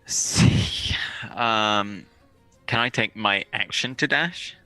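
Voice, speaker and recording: A man taking part as a tabletop game player who counts his moves aloud in a measured way. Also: on the low side, pushed and bright, faint music behind.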